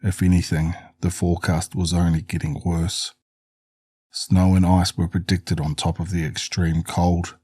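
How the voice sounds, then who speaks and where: A man narrating a first-person horror story in a measured, even reading. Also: low voice, husky.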